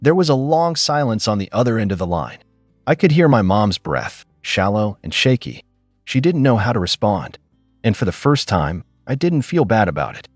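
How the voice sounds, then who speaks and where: A man narrating a dramatic first-person story in a scripted, animated storytelling manner. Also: on the low side, moderate pace, dry recording, soft background music.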